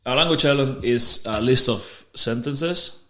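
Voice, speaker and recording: A man's voice: medium pitch, a little slow, pushed and bright. Chatty man in an echoey room. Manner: restarts and repeats words, chatty explaining. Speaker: podcast host. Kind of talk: casual conversation. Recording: roomy echo.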